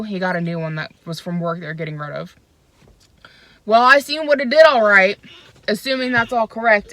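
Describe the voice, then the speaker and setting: A woman's voice: medium pitch, fairly bright tone. A young woman vlogging from her phone, venting in a frustrated, chatty way about her day. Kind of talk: casual vlog chat.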